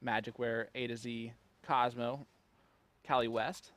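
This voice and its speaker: A man's voice: mid-range voice, fairly even intonation, unhurried, a bit bright, no echo. A man commentating live darts, chatty and joking as he reads out player stats.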